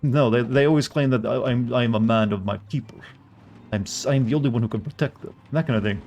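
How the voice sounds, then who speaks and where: Man, casual game streamer, conversational commentary with halting restarts, light background noise. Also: mid-range voice, a little mellow. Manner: chatty, answers chat, halting restarts.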